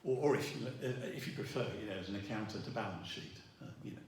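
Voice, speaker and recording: A middle-aged man, preaching a sermon in a halting way, with many restarts and fillers. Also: on the low side, a little mellow, distant mic. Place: church hall. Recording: roomy echo, voice from afar.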